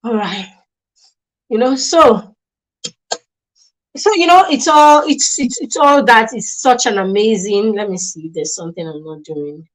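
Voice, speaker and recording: A woman with a somewhat high, lively voice hosts and promotes a children's mentorship program, speaking at a measured pace with long pauses. She's emphatic and persuasive, repeating her main points and stressing key words. The recording quality is rough.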